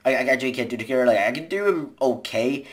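Very deep-voiced young woman vlogging. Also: animated, fast. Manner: rambling with many fillers and restarts. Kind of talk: casual amateur tips video.

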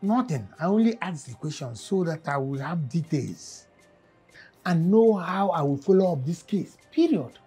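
A money-minded, calculating mother in a film drama. Her low voice is dark and very husky. Faint music sits under the dialogue. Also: expressive, normal speed. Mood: scheming. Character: calculating Nigerian mother, curious about money.

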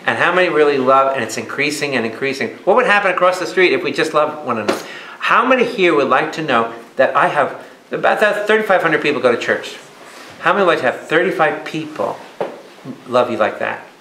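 A man, a priest leading a Bible study, teaching in a lively way, asking the audience questions and acting out the people he quotes. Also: a little high, a little fast, a little hiss or hum. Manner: animated, asks the audience questions, plays out quoted voices. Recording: echoey hall with live audience. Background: audience murmurs and responses.

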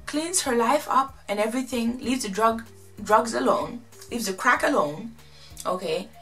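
A woman's voice: fairly high pitch, unhurried, soft background music. Chatty woman recapping reality TV. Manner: chatty, animated, quotes people in exaggerated voices. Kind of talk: casual recap and commentary.

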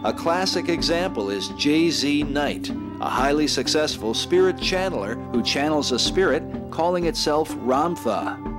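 A man reads scripted documentary narration in a measured, skeptical tone. Music runs clearly beneath his voice. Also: on the high side, animated.

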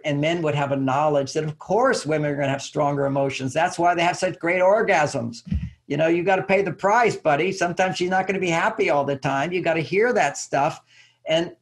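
An older man speaks as a relationship author in a conversational interview. His voice sits a touch high and carries a gravelly, creaky texture. He brightens as he mimics partners in short acted quotes and laughs easily. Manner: animated, acts out little dialogues in higher voices, chuckles often.

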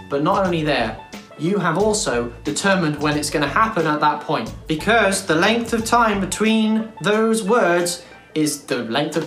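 A woman's voice: on the low side, a bit bright. A woman hosting a casual game tutorial, chatty and emphatic, with blunt slang. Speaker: gaming tutorial host. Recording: echoey room with faint music.

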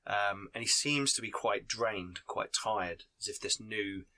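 A man's voice: fairly low pitch, measured pace, bright, forceful tone. A man narrating a tabletop game as game master, rambling with many fillers and restarts.

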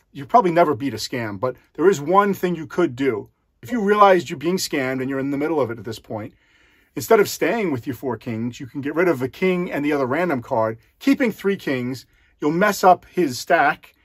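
A man's voice: fairly high pitch, slightly rough, dry recording, clean studio sound. A man who is a magician, explaining a card scam to the viewer step by step in a conversational way. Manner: conversational, addresses the viewer directly. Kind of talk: explanatory talk to camera.

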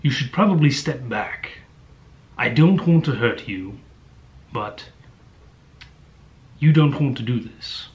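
A man voicing a confused, angry young man in a deliberately flat monotone, mocking an audiobook narrator. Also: medium pitch. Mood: stiff warning. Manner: flat monotone parody reading.

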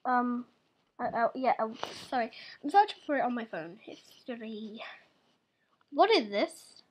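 Young woman, high voice, giggly, teasing, casual gaming chat. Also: big pitch swings, unhurried, husky, highs cut off. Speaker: gaming channel host.

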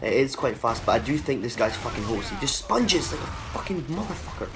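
A young man commentating his own gameplay for his channel, excitable and swearing freely as he talks at the players on screen. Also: mid-range voice, fairly quick, music in the background. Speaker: gaming channel host. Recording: game sounds under the voice, clearly audible.

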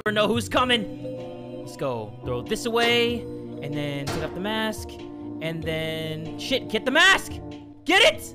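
A man giving excitable let's-play commentary, swearing often and breaking into shouts and laughter. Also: high-pitched, a little slow, loud music behind the voice. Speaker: gaming YouTuber.

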